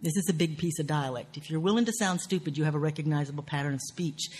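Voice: mid-range voice, quick pace, hardly any pauses, a little mellow, husky. A writing teacher with a Southern US accent, lecturing on craft in an earthy, profane, wry way with folksy grammar.

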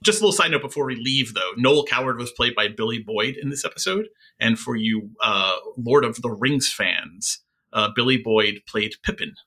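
A man co-hosting a podcast, talking through a TV episode in a thoughtful, halting way with frequent fillers. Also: mid-range voice, pushed and bright. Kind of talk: casual recap discussion of a TV episode.

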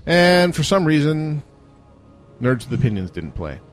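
A man hosting a casual internet radio show, teasing his callers with quick banter. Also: fairly high pitch, big pitch swings, faint music behind. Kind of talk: casual chat.

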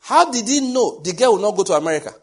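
A man's voice: sits high, fast, breathy edge. A middle-aged Nigerian man preaching a sermon, telling stories and acting out the dialogue. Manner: animated storytelling, acting out dialogue.

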